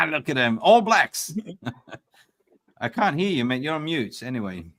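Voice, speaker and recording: Lively, excitable man hosting a stream. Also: medium pitch, a little slow. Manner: excitable, laughs often, swears freely. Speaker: host of a fan channel live stream. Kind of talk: casual live-stream chat.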